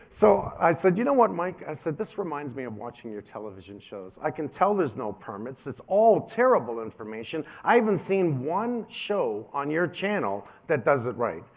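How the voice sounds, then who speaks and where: Male keynote speaker, 50s, lively storyteller, casual and conversational. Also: mid-range voice. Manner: animated storyteller, acts out quoted voices.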